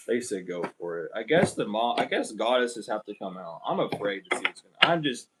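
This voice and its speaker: A man's voice: medium pitch, noisy background. A man giving a casual spiritual tarot reading, blunt and emphatic, swearing often and repeating himself. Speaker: tarot reader.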